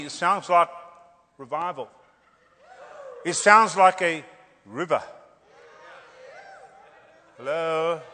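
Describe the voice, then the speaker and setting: A man preaching a revival sermon, animated and joking, repeating phrases for emphasis. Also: high-pitched, long reverb tail.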